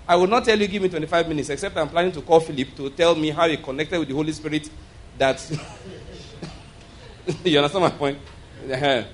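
A man preaching a sermon, explaining scripture and often checking that listeners follow. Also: on the high side. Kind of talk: sermon teaching.

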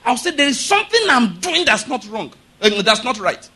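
A male pastor preaching a sermon, emphatic and repeatedly asking the congregation if they follow him, building to loud, forceful declarations. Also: very high-pitched, very animated, moderate pace, husky.

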